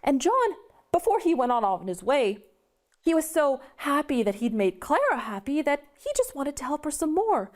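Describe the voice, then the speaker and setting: A woman storyteller performing a tale live for children. Her delivery is animated and dramatic, with a high voice that rises and swoops widely. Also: moderate pace.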